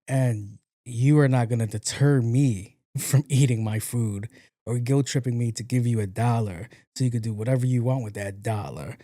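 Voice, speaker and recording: A man's voice: mid-range voice, normal speed, dry recording, clean studio sound. A man hosting a podcast, telling a story casually, acting out the lines of people in it, with some swearing. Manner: animated, acts out quotes, profane. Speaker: podcast host.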